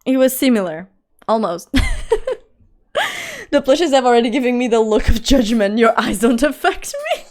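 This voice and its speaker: A young woman, not a native English speaker, chatting casually with her livestream chat, rambling and quick to laugh. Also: fairly high pitch, darkish tone. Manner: talks straight to her chat. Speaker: streamer.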